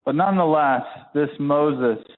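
A man preaching a sermon and reading scripture, folksy and full of restarts, rising to high emphatic peaks and slowing down hard to stress key words. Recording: narrow phone-like sound.

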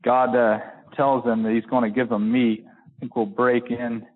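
Guy preaching, folksy, lots of restarts, goes way up and slows down to hammer a point, sounds tinny like a phone call. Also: flat delivery. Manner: builds to high emphatic peaks, slows to stress words. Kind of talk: sermon with scripture reading.

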